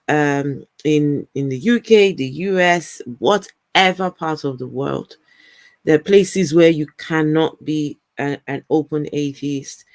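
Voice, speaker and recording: Low-voiced and recorded with no echo, a woman from Africa with a blended African and British accent chats with her livestream viewers and reads their comments. Her manner is chatty, with repeated words and frequent laughter.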